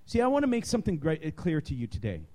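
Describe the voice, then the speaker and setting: A man preaching a sermon, impassioned and emphatic, at times raising his voice to a shout. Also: a little high, wildly swooping pitch, fast talker.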